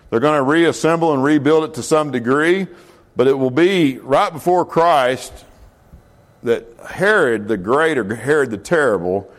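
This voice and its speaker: Man teaching a casual Bible class. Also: medium pitch. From United States. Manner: conversational, many fillers and self-corrections, asks the class questions.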